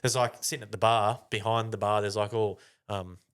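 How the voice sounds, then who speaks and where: A young man with a fairly low voice, spinning a rambling yarn as a podcast co-host. He swears constantly and keeps it loose and conversational. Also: steady tone, normal speed, a bit bright, clear, resonant tone. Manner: swears a lot, rambling anecdote. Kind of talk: casual storytelling chat.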